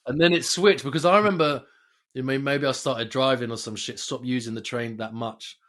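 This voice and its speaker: A man's voice: mid-range voice, a little fast. A man, co-hosting a casual podcast chat and acting out the people in his stories. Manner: animated storyteller who acts out the people in his stories. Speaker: podcast co-host.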